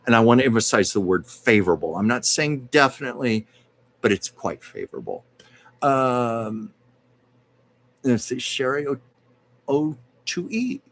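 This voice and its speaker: A man hosting a casual live stream and giving card readings, talking in a measured, reassuring way with frequent hesitations. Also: medium pitch, big pitch swings.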